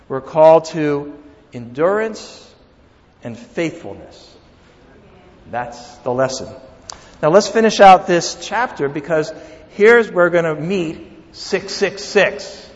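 Pastor, male, high voice, animated sermon delivery with loud peaks and soft asides; dull lo-fi sound ringing in a long hall echo. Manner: animated preaching, swings from loud emphasis to quiet asides.

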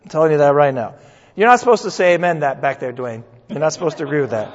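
An older man from New England, a pastor preaching a sermon in a church with folksy, joking, animated delivery. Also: fairly high pitch, fast talker. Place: church sanctuary. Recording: dull sound in a long-echo hall.

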